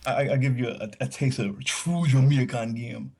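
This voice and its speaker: A man's voice: mid-range voice, moderate pace, vocal fry, background noise. A man chatting casually as a guest, telling rambling stories with many restarts and fillers. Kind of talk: casual storytelling chat.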